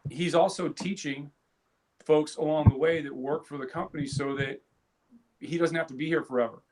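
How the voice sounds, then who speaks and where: Male co-host, higher-pitched, animated casual storyteller. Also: moderate pace. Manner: animated storyteller, laughs loudly, frequent restarts. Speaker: podcast co-host. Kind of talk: casual chat.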